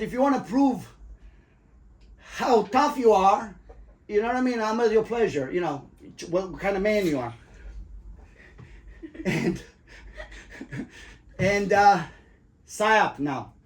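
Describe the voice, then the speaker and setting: A man, a father, telling his children a story in casual chat, animated and swearing often, acting out what people said. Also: sits high, slow pace, long pauses. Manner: animated, swears a lot, acts out quoted voices.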